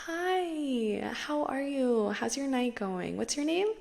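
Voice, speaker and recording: A woman's voice: sits high, animated, takes it slowly, creaky, darkish tone, pitched above the performer's own voice, full character voice. Woman putting on a sugary, sing-song young woman. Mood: sugary friendly. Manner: bubbly, overly polite, sing-song. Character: sweet, charming young woman friend. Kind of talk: acted-out anecdote.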